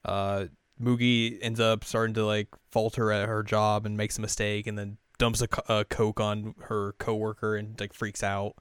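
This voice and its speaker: A man's voice: lowish voice, little pitch movement, normal speed, hardly any pauses, fairly bright tone, clean tone, no echo, studio quality. A man hosting a podcast, chatting through an episode recap with fillers and laughs. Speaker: podcast host.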